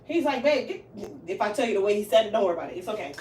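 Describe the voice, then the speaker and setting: A woman racing through a casual story, her voice mid-range and far from the microphone, acts out what the people in it said and laughs frequently. She runs a hair salon and works as a stylist. The room is roomy and a faint hiss sits under the off-mic sound.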